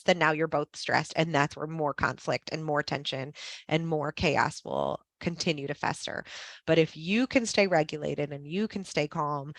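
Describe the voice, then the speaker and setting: Low-voiced woman giving a relaxed talk. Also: no room sound. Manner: conversational, frequent "um" and "right?", acts out quotes. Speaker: guest speaker on school leadership. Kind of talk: informal presentation.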